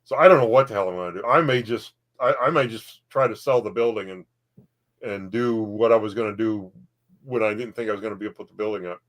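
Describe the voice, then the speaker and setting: A man's voice: on the low side, fast talker. A man co-hosting a casual chat, hesitant and wry, often restarting his sentences. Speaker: co-host.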